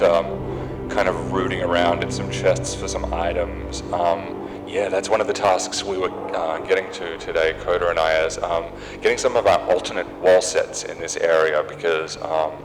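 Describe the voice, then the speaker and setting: A low-voiced Australian game developer with vocal fry rambles over gameplay, going off on tangents and using lots of fillers. Game sounds and noise play in the background.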